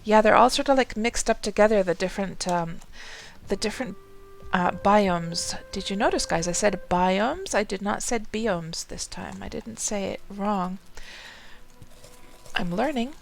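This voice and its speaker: A woman's voice: mid-range voice, unhurried, gravelly. A woman streaming a game live, chatting casually in a rambling way, often talking to herself and greeting her viewers.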